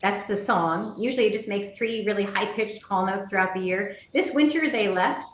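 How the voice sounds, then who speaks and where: A woman's voice: medium pitch, normal speed, slight background noise. Chatty birding woman in an echoey room. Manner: chatty, with many fillers and restarts. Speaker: birding workshop presenter. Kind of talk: virtual lecture with slides.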